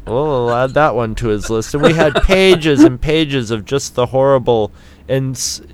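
A man's voice: mid-range voice, expressive, moderate pace, clear, resonant tone. A middle-aged man trading school stories as a podcast co-host, laughing often and mimicking a ranting teacher. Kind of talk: casual storytelling chat.

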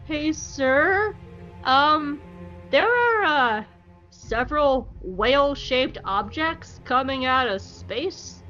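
A jittery male officer reporting bad news, stammering and squeaking up high, as a woman puts him on. Loud and hesitant. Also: lively intonation, very slow, highs cut off, faint music behind, heavily acted. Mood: nervous. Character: nervous male imperial officer.

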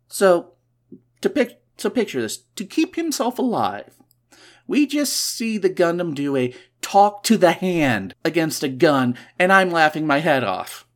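A man hosting a podcast, recapping a comic book with sarcastic, joking asides and sudden bursts of excitement. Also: on the high side. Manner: excitable, swings between loud and quiet. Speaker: podcast host.

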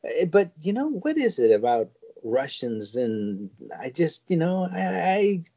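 A man co-hosting a podcast, retelling scenes in a lively, crude comic way. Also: medium pitch, slow pace, gravelly. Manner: lively storytelling, crude jokes. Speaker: podcast co-host. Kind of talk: casual comedic chat. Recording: dull lo-fi podcast audio.

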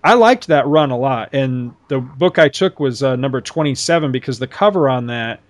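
A man's voice: medium pitch, moderate pace. A man co-hosting a podcast in casual chat, rambling through stories with lots of fillers and asides. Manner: rambling, animated storytelling with many fillers. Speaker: podcast co-host.

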